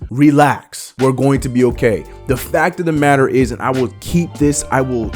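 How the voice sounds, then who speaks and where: A young man hosting a sports channel, ranting in an animated, emphatic way and stretching words out slowly to hammer a point. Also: medium pitch.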